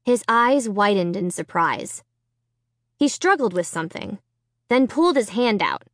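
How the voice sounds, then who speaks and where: A woman reading a children's horror novel aloud, with expressive storytelling. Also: medium pitch, measured pace, no room sound, clean studio sound. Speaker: audiobook reader. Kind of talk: scripted narration.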